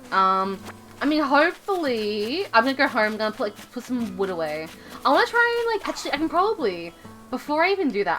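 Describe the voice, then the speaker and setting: Lively bright-voiced woman streamer. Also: medium pitch. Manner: rambling, joking, many fillers. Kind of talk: casual game stream chat.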